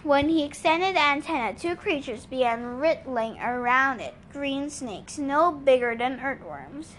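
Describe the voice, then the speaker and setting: A woman's voice: high voice, animated, a little slow, a bit bright, slight background noise. A woman reading a novel aloud in a plain storytelling manner. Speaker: audiobook reader.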